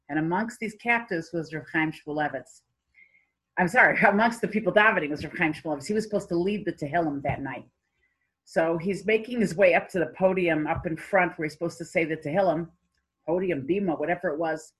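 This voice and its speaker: A woman's voice: lowish voice, a bit bright, breathy edge, low-quality recording. A woman giving an informal Torah lecture, telling stories in a conversational way with many fillers and restarts. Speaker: Torah class teacher.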